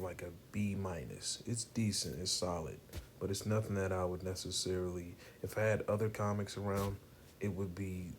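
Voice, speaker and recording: A man with a lowish voice talks through a comic review in a loose, rambling way. He keeps looping back with "you know what I'm saying" and gets excited as he goes. A faint hum sits behind him in a room at home. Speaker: comic book reviewer and author. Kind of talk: casual vlog review. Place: home room with lighting and a poster.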